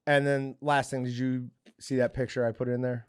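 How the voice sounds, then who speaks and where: A man's voice: medium pitch, flat delivery, normal speed, smooth, dry recording, studio quality. A man hosting a casual podcast, joking and laughing with his co-hosts. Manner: joking, laughs often, wraps up the show. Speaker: podcast host.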